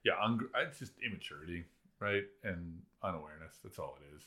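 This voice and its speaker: A man in casual chat recapping a TV episode, animated and acting out characters' lines. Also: low-pitched, fairly quick. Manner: animated, acts out lines in put-on voices.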